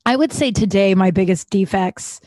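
A woman's voice: mid-range voice, normal speed, darkish tone, no echo. A woman talking candidly in a casual conversation about recovery, rambling and self-searching, swearing freely. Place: Los Angeles area.

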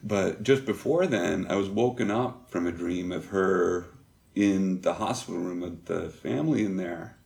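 A middle-aged man telling personal stories as an interview guest, halting and reflective with many pauses. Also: low-pitched, gravelly, a little mellow. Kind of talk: candid personal storytelling.

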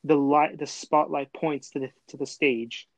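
A man's voice: a little high, steady tone, a little slow, no echo, poor audio. A young man from Texas, hosting a casual chat and telling a long, rambling story full of fillers and restarts. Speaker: host.

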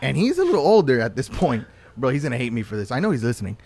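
A man's voice: medium pitch, sing-song, rapid-fire, a crowd in the background. A young man hosting a podcast, teasing his guest and telling a funny story with lots of laughter. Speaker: podcast host. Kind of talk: casual podcast chat.

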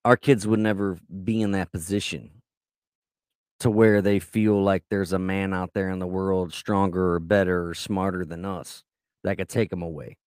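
Brief: male podcast co-host, deeper voice, dry close mic, crude provocative banter. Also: fairly even intonation, moderate pace, darkish tone, clear, resonant tone, no room sound. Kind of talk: casual podcast chat.

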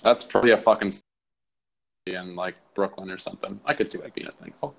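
A man's voice: sits low, steady tone, fast, creaky. A man co-hosting a podcast in casual chat, loose and profane, riffing through comic bits. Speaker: podcast co-host.

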